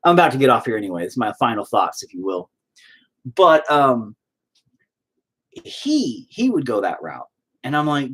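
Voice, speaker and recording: Male podcast host, husky, profane, animated casual rant. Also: mid-range voice, normal speed. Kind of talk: casual ranting chat.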